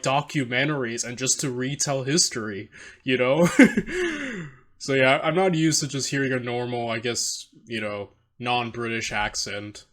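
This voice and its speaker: A man's voice: mid-range voice, a bit bright. A man hosting a reaction video in casual, rambling commentary, self-deprecating and often restarting his sentences.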